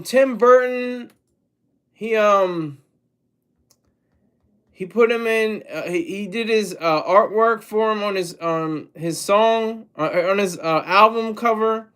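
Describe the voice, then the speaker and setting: This Delaware vlogger's voice is high, fairly bright, clear, and resonant. He gives rambling, joking solo commentary, regularly breaking off in the middle of words.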